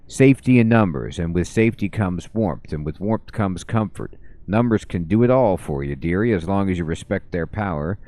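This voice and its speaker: A man's voice: sits low, expressive, moderate pace, warm tone. A man reading lines for an eerie older woman in a game, in a sing-song, cooing voice. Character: eerie older woman with a tattoo, hoarding secret names.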